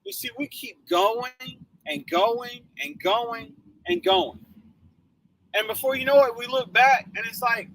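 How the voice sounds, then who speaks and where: A man hosting a motivational live stream in casual chat, animated and joking, laughing often. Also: very high voice, measured pace, slight background noise, poor audio.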